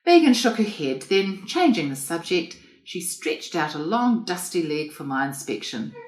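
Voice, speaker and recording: Low-voiced woman reading an audiobook. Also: big pitch swings, normal speed. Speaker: reader. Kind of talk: audiobook narration. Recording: roomy echo.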